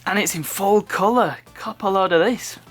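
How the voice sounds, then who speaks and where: A man's voice: high-pitched, normal speed, fairly bright tone, faint music behind. Chatty man, rambling unboxing. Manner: rambling, chuckling asides. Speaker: unboxing video host. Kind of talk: casual unboxing chat.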